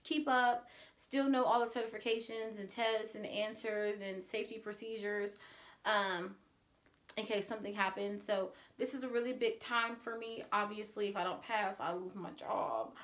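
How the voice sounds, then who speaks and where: A woman's voice: mid-range voice, steady tone, moderate pace, fairly bright tone. A woman talking to the camera in a casual personal vlog, earnest and confessional, at times emotional. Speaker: vlogger.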